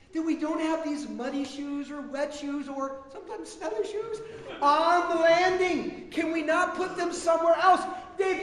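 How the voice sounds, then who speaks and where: A man putting on an exasperated scolding wife. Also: very high-pitched. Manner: nagging, indignant. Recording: echoey hall with long reverb.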